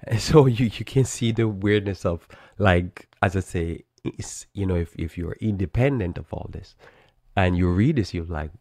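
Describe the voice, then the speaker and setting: A deep-voiced man talks through an article on a live church program. He stops often, fills gaps with "um", and restarts his words. The sound is dry and close. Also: a little mellow, dry recording. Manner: halting, many fillers and restarts, stumbles over words. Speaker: church talk show host. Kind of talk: unscripted live talk reading from an article.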